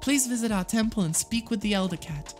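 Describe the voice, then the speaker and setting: A woman's voice: on the high side, animated, fairly quick, lightly acted. A courteous cat monk from a video game greets a traveler formally, read aloud by a woman. Faint music hums in the background. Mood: welcoming.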